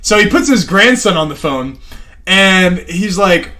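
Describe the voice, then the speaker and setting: A man's voice: high-pitched, lively intonation, a little slow, pushed and bright. A young man co-hosting a casual podcast, telling a story in a rambling way with many fillers and swear words. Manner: rambling, lots of fillers and profanity, laughs while telling stories. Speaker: podcast co-host.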